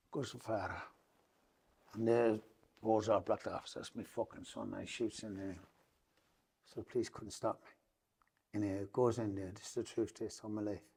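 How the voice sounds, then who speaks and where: A man's voice: on the low side, creaky, darkish tone, breathy edge. A middle-aged man with an Irish Traveller accent, a podcast guest telling a long story in a rambling way and swearing over and over that it's true. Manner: rambling, repeats oaths of truth. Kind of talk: emotional storytelling.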